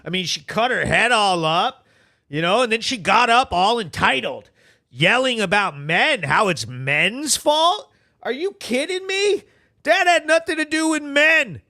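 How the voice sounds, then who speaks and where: A man hosting a news show, ranting in loud, blunt, casual commentary with swearing. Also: very high voice, animated, measured pace, creaky.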